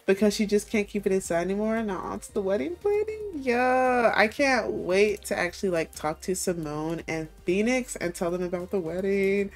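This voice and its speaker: Young woman, casual let's-play host, playful and chatty, mid-pitched. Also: lively intonation, normal speed, hardly any pauses. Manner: chatty, playful, laughs often. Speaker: gaming creator. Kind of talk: casual game commentary.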